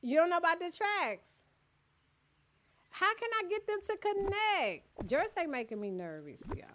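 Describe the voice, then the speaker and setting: A woman's voice: very high-pitched, very animated, measured pace, noisy background. A woman live-streaming a cozy decorating game, chatting casually with her chat, greeting and thanking viewers by name, teasing them playfully and laughing often.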